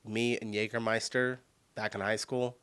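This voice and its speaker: A man's voice: on the low side, little pitch movement, moderate pace, a bit bright, clean tone. A man from the United States hosting a reaction video, chatting casually and laughing at his own attempts. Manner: casual, self-deprecating, thinks aloud.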